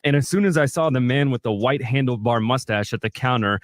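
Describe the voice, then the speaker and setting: A man on a podcast telling a comic story in a deadpan voice, acting out the voices of the people in it. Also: mid-range voice, brisk, no room sound, studio quality. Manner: deadpan punny storyteller who acts out the voices in his tale. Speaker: podcast co-host. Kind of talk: comic storytelling, reading a funny review.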